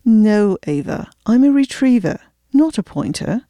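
A woman's voice: mid-range voice, sing-song, a little slow, vocal fry, warm tone, no echo, studio quality, pitched above the performer's own voice. A woman voicing a frustrated middle-aged man, a retired recovery agent who talks tersely and with exasperation. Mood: guarded.

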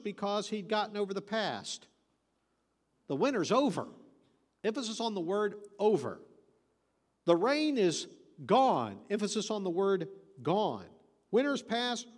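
A slightly bright, high-sitting male voice carries a sermon, followed by a long reverb tail. The preacher spins folksy tales with a joker's timing before hammering his points through insistent repetition.

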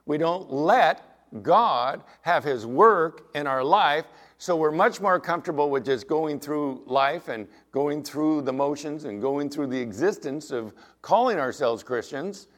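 Middle-aged male pastor, sermon, earnest and emphatic, slightly higher voice. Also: a bit bright. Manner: earnest, emphatic preaching with anecdotes.

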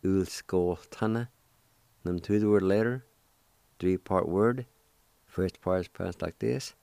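A middle-aged man hosting a radio language lesson, patiently spelling out letters one by one and repeating each word slowly. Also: low voice, vocal fry, warm tone, dry recording. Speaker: radio host teaching the language.

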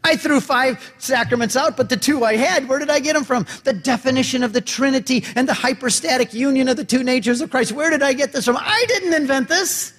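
A man giving an animated talk to a gathering, telling a story and acting out the dialogue with different voices. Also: very high voice, a little fast, few pauses, husky. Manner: dramatic, acts out dialogue with voices. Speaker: speaker and convert giving a talk. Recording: long hall reverb.

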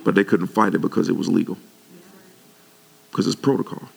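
Low gravelly pastor preaching, gets animated and jumps up high when fired up. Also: male voice, brisk. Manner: animated preaching, pitch jumping up when worked up. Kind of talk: sermon.

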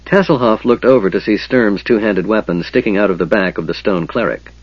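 A man narrating a fantasy audiobook in a steady, measured storytelling manner. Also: lowish voice, husky, no echo, highs cut off.

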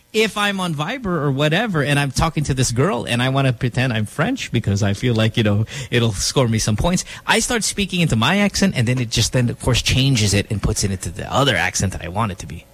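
A young Filipino man hosting a radio show, chatting in a jokey, animated way and arguing his points. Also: fairly high pitch, slightly rough, no room sound. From Philippines. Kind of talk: casual radio banter.

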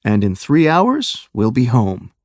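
A man voicing an older, short, gray-haired gentleman who speaks courteously and kindly. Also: mid-range voice, wildly swooping pitch, slow, dry recording, exaggerated voice. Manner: courteous, friendly.

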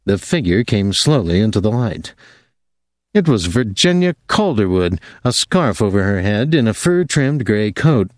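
A man with a low voice reads a novel aloud, his delivery swinging freely up and down. He sounds close to the mic in a dry, dead room. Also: sing-song, unhurried, dry recording. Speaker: audiobook narrator. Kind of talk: scripted narration.

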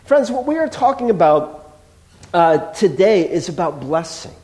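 A man's voice: high-pitched, sing-song, measured pace, darkish tone. A man preaching a sermon as pastor, chatty and playful, acting out little dialogues with the congregation.

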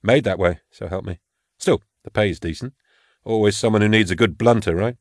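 A man voicing a cool, laconic male bounty killer who talks in a relaxed drawl. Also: fairly low pitch, normal speed, dry recording, clean studio sound, natural voice. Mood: easygoing.

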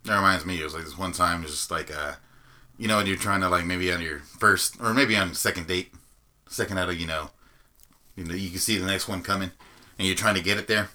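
A man's voice: low-pitched, brisk, bright, forceful tone. A man co-hosting a casual podcast, telling stories in a rambling, hesitant way with lots of fillers. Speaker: podcast co-host. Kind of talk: casual chat, storytelling.

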